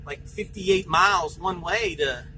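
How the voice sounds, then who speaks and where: Man, truck driver, angry venting, cussing, high pitch, sharp voice. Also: measured pace, slight background noise, rough recording. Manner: swearing, heated, retells phone calls in voices.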